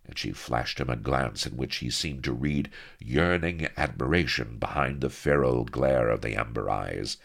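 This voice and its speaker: A man's voice: extremely low pitch, normal speed, vocal fry, hardly any pauses, fairly bright tone. A man reading a comic adventure story aloud with wry, mock-heroic narration.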